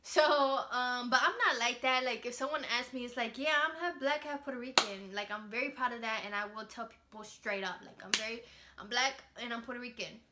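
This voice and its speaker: A woman's voice: on the high side, fairly even intonation, brisk, heavy background noise. A woman talking casually to her vlog audience in an outspoken, emphatic way, with plenty of slang. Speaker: vlogger.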